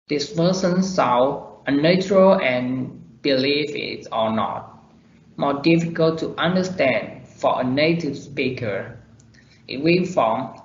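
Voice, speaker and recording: A young man with a Vietnamese accent reading a class presentation slowly and deliberately. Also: mid-range voice. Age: young adult. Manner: slow, deliberate reading of examples. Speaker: student presenter. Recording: echoey dull lo-fi room recording.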